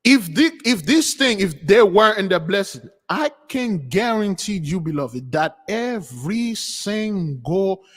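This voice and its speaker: Animated preaching man, long reverb. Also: high-pitched, slow pace, few pauses. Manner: animated, preachy, addresses listeners as beloved. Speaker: online preacher. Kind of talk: commentary on news clips.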